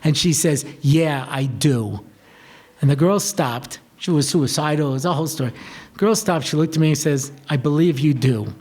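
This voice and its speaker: High-voiced rabbi telling a story. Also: male voice, brisk. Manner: chatty, animated, acts out dialogue, frequent "you know". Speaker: rabbi and lecturer. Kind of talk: storytelling talk to students.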